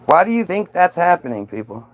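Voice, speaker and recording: A man's voice: sits high, very animated, a little fast, creaky. A man ranting sarcastically on a livestream, answering viewer comments in a combative, mocking way. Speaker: streamer reacting to viewer comments.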